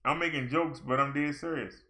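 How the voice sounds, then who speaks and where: A male minister chatting casually on a livestream, joking freely between updates. His voice sits fairly high with a bright, forward ring. He lifts with excitement whenever the news turns good. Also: normal speed. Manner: chatty, jokey, excited when reading numbers.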